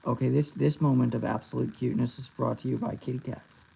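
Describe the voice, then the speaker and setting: A man's voice: mid-range voice, fairly even intonation, quick pace, gravelly, dark tone, slightly rough, poor audio. A man chatting casually on a livestream from his home, rambling playfully with many restarts. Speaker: streamer. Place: home with cats.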